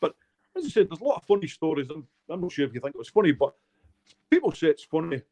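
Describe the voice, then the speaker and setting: A middle-aged Scottish author, interviewed as a guest, tells his life stories candidly and with heartfelt emotion. His pitch is fairly high, his delivery sing-song and quick, his tone mellow.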